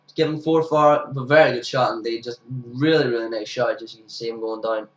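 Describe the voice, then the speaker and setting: A young man talks through cricket highlights in a chatty, casual commentary and breaks into excited shouts whenever a big moment comes. His voice sits at an ordinary pitch and has a sniffly, hay-fever edge. He sounds set back from the mic in a roomy, echoing space. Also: a little fast, distant mic, lo-fi sound, a little hiss or hum. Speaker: amateur cricket commentator for his own club.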